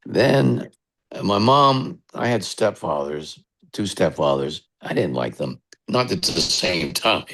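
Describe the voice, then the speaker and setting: American radio DJ guest, deep and gravelly, spins loose anecdotes. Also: male voice, sing-song, takes it slowly, a bit bright. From United States. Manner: chatty, rambling anecdotes. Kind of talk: casual storytelling interview.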